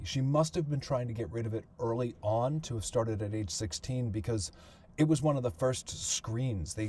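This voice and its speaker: Man, middle-aged, warm mellow tone, casual podcast narration, some fillers. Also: mid-range voice. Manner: conversational, thinking aloud with fillers and restarts. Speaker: podcast host and author. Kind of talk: personal history narration.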